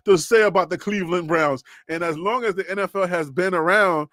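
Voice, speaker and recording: Guy ranting casually about football, voice a bit high, dry close mic. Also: normal speed, no room sound. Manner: animated, informal, repeats himself while building a point. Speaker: sports show host. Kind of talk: casual sports commentary.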